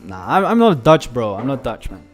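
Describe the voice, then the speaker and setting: A man's voice: mid-range voice, very animated, a little fast, soft background music. Chatty male trading streamer. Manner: casual, chatty, addresses viewers as guys. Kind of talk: live stream commentary.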